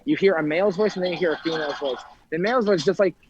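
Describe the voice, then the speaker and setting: A man's voice: a little high, rapid-fire, a little hiss or hum. A man co-hosting a casual podcast chat from out in a theme park, talking through earbuds, playful with jokey asides. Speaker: podcast co-host. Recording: dull lo-fi sound.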